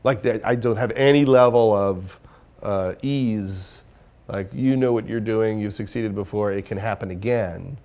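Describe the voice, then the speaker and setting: A man being interviewed about his work as a comedian and filmmaker, with a gravelly, somewhat low voice. He talks candidly and self-critically and thinks out loud as he goes. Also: unhurried.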